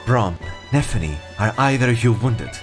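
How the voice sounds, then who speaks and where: A mysterious monk who speaks with calm, gracious serenity, as a man voices him. The voice is lowered slightly and unhurried. Faint game music plays behind. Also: close to an everyday voice. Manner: calm, measured, soft-spoken.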